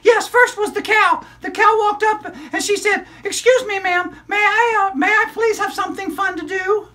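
A man's voice: fairly even intonation, sharp tone. A man voicing a perky, chatty female puppet sidekick who tells stories eagerly in a children's puppet show. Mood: excited. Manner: eager, rushing storyteller, high squeaky voice.

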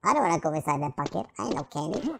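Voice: mid-range voice, lively intonation, very fast, creaky, fairly bright tone, slight background noise. A gameplay commentator talking in a goofy, silly, rambling way, taunting the game's characters as he plays.

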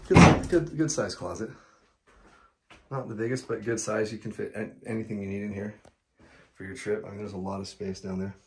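A man from the United States vlogging a casual walk-through of a big rental house, chatty and excitable, talking to viewers as guys and breathing a little heavily. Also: on the low side, vocal fry, a little hiss or hum. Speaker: vlogger giving a house tour. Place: large rental house indoors.

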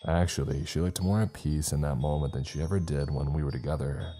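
A man's voice: very deep voice, fairly even intonation, fairly quick, mellow, soft background music. A man narrating a scripted first-person horror story in an uneasy, rambling, confessional way.

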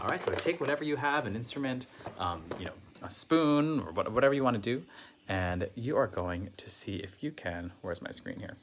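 Lively upbeat male music teacher. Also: medium pitch, brisk, a little hiss or hum. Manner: upbeat, chants rhythm syllables. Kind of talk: online music lesson for children.

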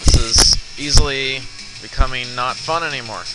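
A man's voice: medium pitch, normal speed. A young man giving casual, rambling commentary while playing a video game, swearing often as he loses, recorded on a boosted computer mic that crackles. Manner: rambling, profane, swears often when losing. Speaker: let's player. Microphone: boosted computer mic with crackling audio. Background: loud game music.

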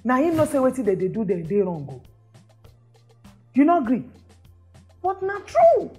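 Lively high-pitched Nigerian Pidgin woman. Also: normal speed, soft background music. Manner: emphatic, exclamatory, rhetorical questions. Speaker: show host. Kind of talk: social commentary monologue.

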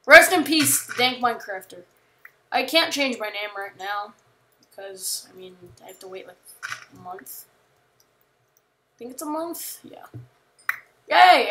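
Bright-voiced chatty woman gamer. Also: medium pitch, a little hiss or hum. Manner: chatty, rambling, jokey, with sudden panicked yells. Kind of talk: casual gameplay commentary.

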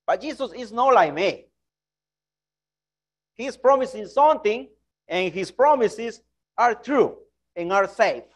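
Slow earnest preacher with high voice. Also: male voice, animated. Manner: earnest, self-correcting, non-native phrasing. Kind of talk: sermon.

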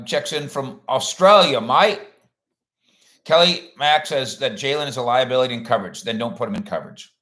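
A man with a mid-range, slightly bright voice hosts a sports livestream. He rambles in a folksy, casual way, chatting along and reading out comments from viewers.

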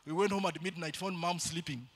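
A man preaching a sermon in church, shifting between loud calls to the congregation and quieter storytelling. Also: a little high, fairly even intonation, brisk, husky.

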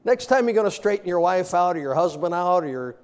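Smooth and high-sitting, this man's voice moves fairly quickly. He preaches with humor, animatedly sharing everyday stories, laughing often, and quoting old-fashioned scripture.

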